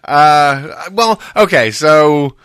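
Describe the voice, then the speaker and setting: A middle-aged man with a bright, sharp voice, telling a long story in casual podcast chat. He rambles and restarts often, and his voice lifts when he gets excited. The sound is dry and close. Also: fairly high pitch, very slow, clear, resonant tone, dry recording. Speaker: podcast co-host.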